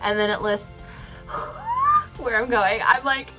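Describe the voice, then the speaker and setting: A woman's voice: on the high side, huge pitch swings, slow, music in the background. A young woman telling an emotional personal story to camera, rambling with lots of fillers. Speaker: vlogger.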